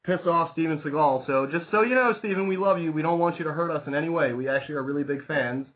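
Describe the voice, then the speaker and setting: A man's voice: a little high, fast talker. A man hosting a radio show, chatting casually and rambling, plugging sponsors and reading out the call-in number. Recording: tinny phone-like lo-fi sound.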